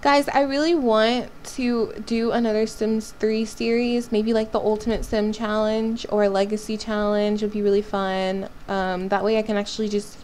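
A woman's voice: mid-range voice, little pitch movement, normal speed, few pauses, a little mellow, slight background noise. A woman hosting a life-sim game video, chatting casually and talking to her characters as she plays. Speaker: gaming channel host. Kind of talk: casual let's-play commentary.

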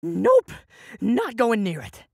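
A man's voice: high voice, huge pitch swings, slow, vocal fry, a little mellow, no echo, clean studio sound, pitched above the performer's own voice, heavily acted. A man reading an audiobook, voicing a terrified teenage boy wizard who screams and yelps. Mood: panicked. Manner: screaming, frantic.

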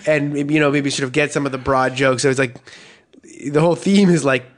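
A man's voice: mid-range voice, fairly even intonation, fairly quick. A man who grew up in the Boston area, chatting casually as a podcast guest with wry, laughing asides. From Boston area, USA. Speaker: guest, comedy writer.

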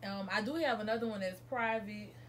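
This young vlogger from New Orleans talks fairly quickly in a mid-range voice, telling a rambling storytime to her viewers from home. She corrects herself as she goes, and there's slight background noise.

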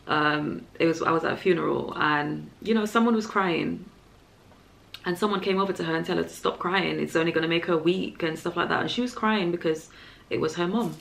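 A woman's voice: on the low side, a little fast, gravelly, fairly bright tone. A woman vlogger giving an earnest, emphatic opinion monologue, repeating her points for stress.

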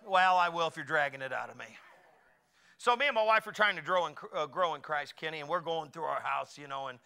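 A middle-aged man preaching a folksy sermon, swinging from quiet asides to loud exclamations. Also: fairly high pitch, brisk, creaky, clear, resonant tone. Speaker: pastor.

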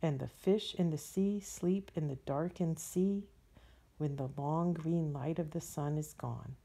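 Woman, bedtime story reader: soft, drawn-out, mellow tone. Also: low voice, gravelly, husky.

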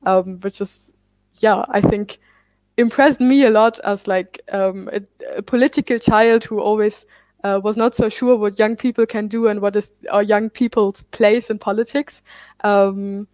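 A woman's voice: medium pitch, unhurried, no room sound. Dry-voiced young German woman activist. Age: 20s. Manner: relaxed, many fillers, self-correcting. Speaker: climate activist panelist. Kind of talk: panel talk.

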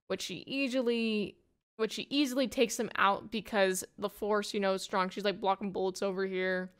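A woman's voice: mid-range voice, clear, resonant tone. A woman giving a casual, rambling plot summary of a comic, full of "like" and "you know". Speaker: comic book reviewer.

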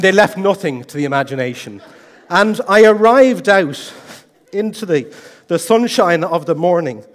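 Man, middle-aged, comic contest speech, self-mocking storytelling, high voice, long hall reverb. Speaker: contest speaker. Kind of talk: humorous competition speech. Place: large hall.

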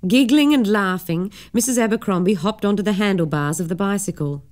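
A woman narrating a children's story in an expressive reading voice. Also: medium pitch, fairly quick.

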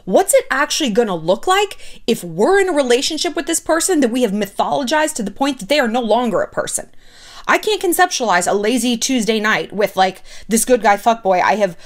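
An animated woman delivering casual gossip commentary with a candid, sarcastic edge. Her voice sits a little high and leaps around a lot in pitch. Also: fairly quick. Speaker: pop culture commentary host.

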